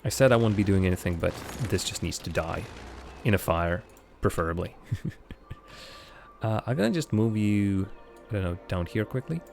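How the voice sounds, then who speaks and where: A man's voice: sits low, lively intonation, normal speed, creaky, a little mellow, soft background music. A man chatting casually as he streams a city-building game live, thinking aloud with lots of fillers and poking fun at his own mistakes. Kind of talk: casual live gameplay commentary.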